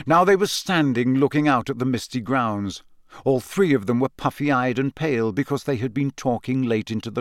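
A man narrates an audiobook, reading in a measured, expressive way in a mid-range voice. The scripted narration is studio quality, with no room sound.

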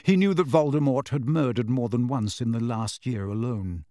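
A man's voice: medium pitch, moderate pace, hardly any pauses, dark tone, no room sound, studio quality. A man narrating an audiobook expressively.

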